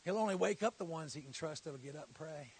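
A man preaching a sermon, telling a story and then building to loud, shouted exhortation before a church congregation. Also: a little high, animated, quick pace, breathy edge. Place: church hall.

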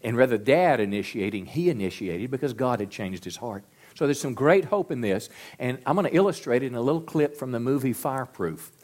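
A man preaching a sermon as pastor, earnest and stressing key words slowly. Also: mid-range voice, animated, a little mellow.

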